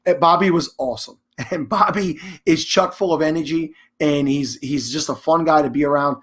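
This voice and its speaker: A man with a somewhat high voice hosts a live charity stream. He talks in a chatty, emphatic way, restarting his sentences as he gives casual announcements and shout-outs.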